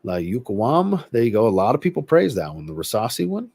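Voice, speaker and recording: A man hosting a livestream and chatting casually, reading viewer comments aloud and answering them in a relaxed, rambling way. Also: medium pitch, fast talker, gravelly, breathy edge, dry recording. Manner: relaxed, rambling, with filler words. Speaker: host.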